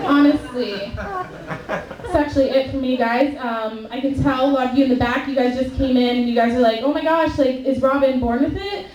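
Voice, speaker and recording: A woman's voice: high voice, dull audio. A young woman from Canada doing a stand-up comedy set on a club stage, chatty and profane, with "like" in nearly every sentence. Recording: roomy club sound, mic at a distance.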